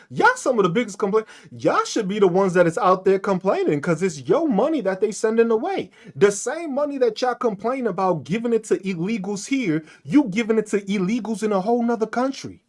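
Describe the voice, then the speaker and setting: A podcast host ranting solo in a loose, profane monologue. He fires off mocking rhetorical questions, and his pitch swings widely from low grumbles to high jabs. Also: sing-song, a little fast.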